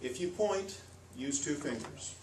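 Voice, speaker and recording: An American man giving a lively, demonstrative storytelling workshop to a live audience, playing with pitch and pace. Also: measured pace, a little hiss or hum. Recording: echoey room, voice from far off.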